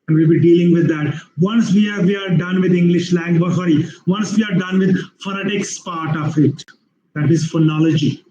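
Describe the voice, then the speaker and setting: A man giving an online webinar lecture on English skills, explaining slowly with repeated phrases and drawn-out spoken examples. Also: sits high, steady tone, roomy sound, lo-fi sound, crowd noise.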